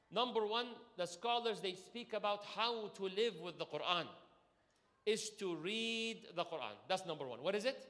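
A man giving an energetic sermon to a live audience, asking the crowd questions and waiting for their answers. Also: sits high. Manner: energetic, asks audience questions, call-and-response. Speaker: imam. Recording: echoey hall.

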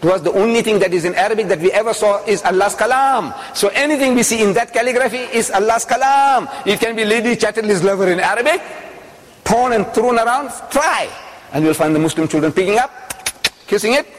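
A man's voice: high voice, brisk, long reverb tail. An older man giving a religious lecture to a live audience, telling a story and often putting questions to his listeners.

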